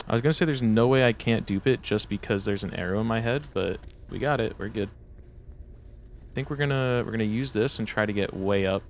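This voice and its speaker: A man's voice: lowish voice, fairly quick, slight background noise. A young man streaming a game, joking and rambling casually to his viewers and swearing freely. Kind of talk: casual chat to stream viewers while gaming.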